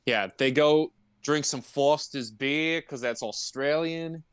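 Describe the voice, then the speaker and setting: A man's voice: a little high, takes it slowly, clean tone, dry recording. A man co-hosting a podcast, casually recapping a movie in a laid-back, joking way and laughing often. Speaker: podcast co-host.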